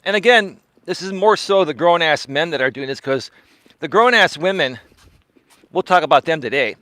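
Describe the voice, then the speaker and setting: A man's voice: on the high side, lively intonation, normal speed, pushed and bright, no room sound. Emphatic man walking and streaming, dry sound. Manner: emphatic, repeats words, tags lines with "right?", laughs often. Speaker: life coach and live-stream host. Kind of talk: casual livestream monologue. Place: walking outdoors during a live stream.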